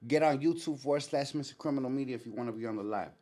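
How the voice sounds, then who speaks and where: Male host, street slang, lots of cursing, casual storyteller, mid-pitched. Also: very fast. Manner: slangy, profane, animated storyteller. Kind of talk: casual live-stream storytelling.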